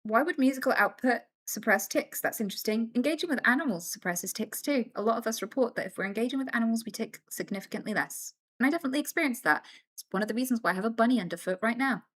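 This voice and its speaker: A woman's voice: fairly high pitch, quick pace. A woman live streamer in casual chat, answering viewer questions candidly and acting out other people's voices as she tells stories. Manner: animated storyteller who acts out other voices; candid, swears freely.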